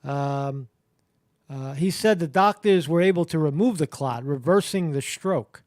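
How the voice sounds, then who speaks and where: A man hosting a live stream, reading headlines and commenting in a halting, blunt way, full of fillers and swearing. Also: a little high, a little mellow, no echo, clean studio sound. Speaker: live show host.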